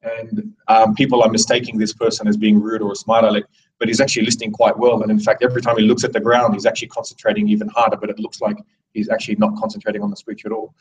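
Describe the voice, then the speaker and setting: A man's voice: lowish voice, level tone, quick pace, recorded from a distance, rough recording. A man in his thirties giving a rambling, digressive live speech to an audience, with many restarts. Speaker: speaker at a live event.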